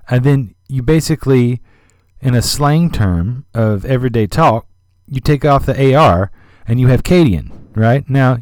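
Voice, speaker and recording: Male podcast host, mid-pitched, chatty and rambling, dry close sound. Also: darkish tone, no room sound. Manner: chatty, rambling, many fillers and asides. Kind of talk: casual radio-style music commentary.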